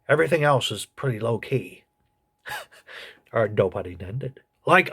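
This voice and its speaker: A man voicing a crude, gossipy old male politician who reviews a TV show in a comedy sketch, with a husky voice. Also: medium pitch, fairly bright tone.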